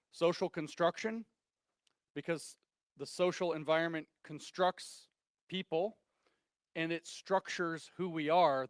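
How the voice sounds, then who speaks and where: Male lecturer, higher pitch, emphatic, asks rhetorical questions, dry recording. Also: no room sound. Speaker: speaker giving a talk. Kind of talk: public lecture.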